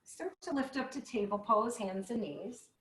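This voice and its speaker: Gentle woman leading a yoga class. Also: a little high, expressive, moderate pace. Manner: gentle, playful cueing with animal sounds. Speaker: yoga instructor. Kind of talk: guided yoga class instruction. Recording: echoey room.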